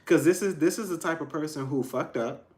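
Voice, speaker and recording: A man giving a casual tarot reading to his viewers, emphatic and frank, swinging between loud outbursts and low asides. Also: brisk. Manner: frank and profane, addressing viewers directly. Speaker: tarot reader.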